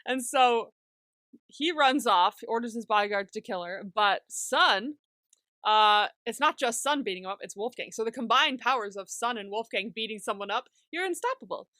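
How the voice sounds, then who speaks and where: A woman's voice: on the high side, lively intonation, normal speed, sharp tone, no echo. A woman co-hosting a podcast, recapping an episode in casual chat, laughing often and acting out the characters' lines with plenty of swearing. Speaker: podcast co-host.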